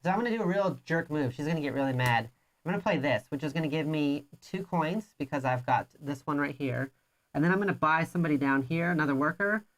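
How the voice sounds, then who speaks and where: Low-pitched lady co-hosting a board game stream, playful teasing, long rule explanations. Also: quick pace. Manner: teasing, explains rules at length. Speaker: board game show co-host. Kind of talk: casual live playthrough chat.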